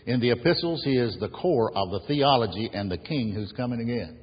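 A man's voice: medium pitch, expressive, fairly quick, breathy edge. A man preaching an earnest sermon as pastor, building emphasis on key phrases. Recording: dull lo-fi sound in a reverberant hall.

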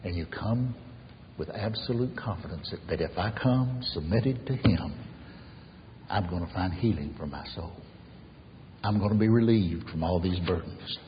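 Man, pastor, emphatic repetitive sermon, lowish voice, long church echo, dull lo-fi sound. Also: animated, unhurried, a little hiss or hum. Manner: emphatic, repetitive preaching, swinging from loud to hushed. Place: church sanctuary.

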